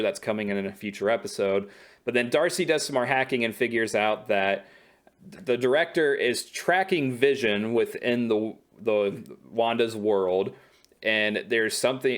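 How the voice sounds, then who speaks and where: Man rambling through a show recap. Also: mid-range voice. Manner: rambling, self-correcting storyteller. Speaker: podcast co-host. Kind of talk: casual episode recap.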